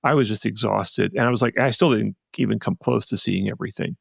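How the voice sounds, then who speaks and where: A man's voice: on the low side, quick pace, creaky, breathy edge, dry recording, studio quality. A man co-hosting a podcast, chatting casually and rambling with many restarts and asides. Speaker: podcast co-host. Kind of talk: casual chat.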